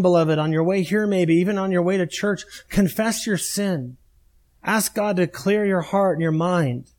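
High-voiced emphatic male pastor preaching. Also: a little mellow. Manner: emphatic, repetitive preaching cadence. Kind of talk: sermon.

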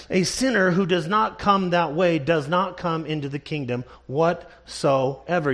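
A man preaching a sermon in a measured, emphatic way, slowing down to stress key words. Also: a little high, vocal fry, a bit bright.

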